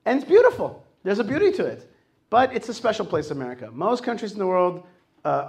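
Male host, fairly high voice, animated delivery, jokes with a live crowd in a hall. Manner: animated, jokes with the audience and acts out quoted voices. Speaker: host giving a talk to a live audience. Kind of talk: lively public talk.

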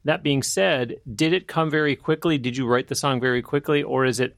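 A man's voice: medium pitch, fairly even intonation, a little fast, few pauses, dry recording. A man hosting an interview show, introducing his guest in a polished, friendly way and asking questions. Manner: polished, friendly announcer-like delivery. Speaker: podcast host. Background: guitar music.

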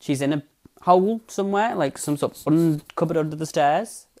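A woman's voice: low voice, moderate pace, a little mellow. A young woman hosting a casual podcast, recapping a TV episode in a chatty, sarcastic way, swearing freely and wandering onto tangents. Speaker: podcast host.

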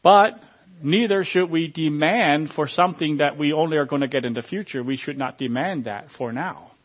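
A man giving an informal sermon in a conversational way, often restarting his sentences and filling pauses with ums. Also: fairly high pitch, lo-fi sound. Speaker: preacher.

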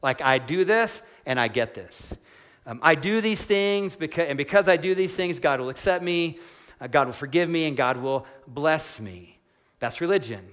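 A man delivers a sermon from a church stage, his voice sitting a touch higher than most men's. He swings between calm scripture reading and lively, dramatized quotes of the people he describes. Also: moderate pace. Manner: animated, dramatizing quoted speakers. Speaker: pastor. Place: church hall before a congregation.

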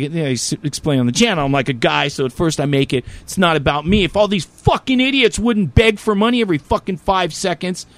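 A man's voice: on the high side, no room sound. A man telling a story in casual chat, rambling and full of fillers and swearing, with heated, raised bursts when he quotes himself.

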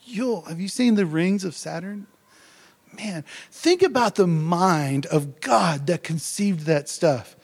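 A man preaching a sermon in a lively, conversational way, often tagging his lines with "right?" and building up to excited near-shouts. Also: high-pitched, takes it slowly, creaky. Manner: energetic, conversational, keeps asking "right?".

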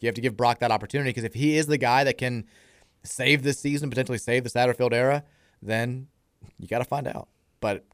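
A man's voice: medium pitch, no echo, clean studio sound. A man hosting a sports talk radio show, laying out scenarios and poking fun at himself. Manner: self-deprecating, analytical. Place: radio studio. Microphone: studio microphone.

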